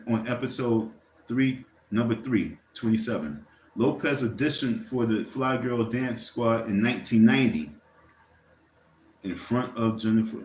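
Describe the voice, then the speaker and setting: A man's voice: mid-range voice, echoey room, a little hiss or hum. A man hosting a livestream, ranting casually and profanely in a rambling, heated way and speaking directly to his viewers. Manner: addresses viewers directly, asks for likes. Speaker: livestream host.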